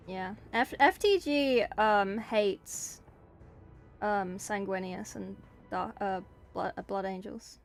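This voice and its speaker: Slow-talking woman streamer. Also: mid-range voice, gravelly, faint music behind. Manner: chatty, self-deprecating, swears, giggly. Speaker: streamer painting miniatures. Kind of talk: casual livestream chat.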